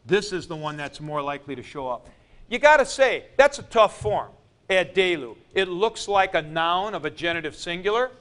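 A man teaching a class, explaining forms step by step with fillers and pauses as he moves around the room. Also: high voice, animated, fairly bright tone. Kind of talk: classroom lecture.

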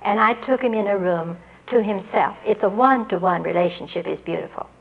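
A woman telling an audience how she taught a student to read. She speaks earnestly and spells out letters and their sounds slowly. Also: mid-range voice, creaky, narrow, tinny audio, slight background noise. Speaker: literacy teacher giving a talk. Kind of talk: storytelling address to an audience.

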